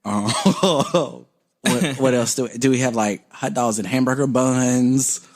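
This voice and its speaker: A man's voice: medium pitch, takes it slowly. A man co-hosting a comedy podcast, telling a story in a laid-back, wry way with joking asides. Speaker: podcast co-host. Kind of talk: casual comedic chat.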